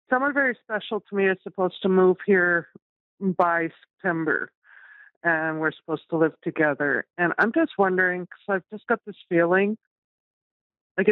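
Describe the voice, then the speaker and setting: A woman's voice: medium pitch, no room sound. A woman from Canada calling in to a show, speaking hesitantly. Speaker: caller. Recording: tinny phone line.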